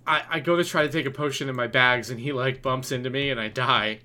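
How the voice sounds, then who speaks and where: A man with a bright, forceful voice, chatting casually as a podcast co-host. He tells rambling, animated stories packed with "uh" and "like." A computer keyboard clicks now and then in the background. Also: medium pitch, quick pace. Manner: rambling, animated storytelling with many fillers. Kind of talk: casual storytelling chat.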